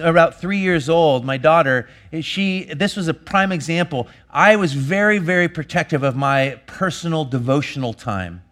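Man, pastor, sermon, earnest, fairly high voice, emphatic then hushed.

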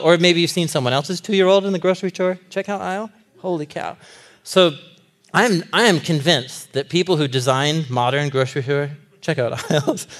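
Animated, laughing male preacher. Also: on the high side. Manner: animated, humorous, laughs often, addresses audience. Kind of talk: sermon.

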